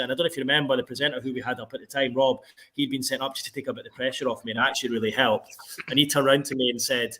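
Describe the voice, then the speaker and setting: A man with a voice of ordinary middle pitch talks through a long story in a relaxed conversation. He is a sports reporter, and he acts out his own past words as quotes while he tells it. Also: very fast. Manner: animated storytelling, quoting himself. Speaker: football reporter. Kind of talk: casual interview chat.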